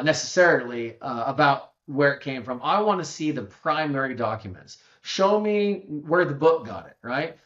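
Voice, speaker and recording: A man talks as a podcast guest in a casual, rambling flow full of restarts and asides. His voice sits a little high and gets livelier when he quotes other people. The recording sounds dull and lo-fi. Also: fairly bright tone. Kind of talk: casual interview storytelling.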